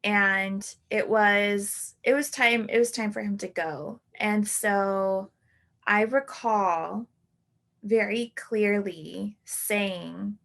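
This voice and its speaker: A woman in her thirties hosting a podcast, reflecting on a personal story in a halting way, full of "like" and restarts. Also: mid-range voice, steady tone, vocal fry, a bit bright. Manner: halting, full of "like" and self-corrections. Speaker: podcast host.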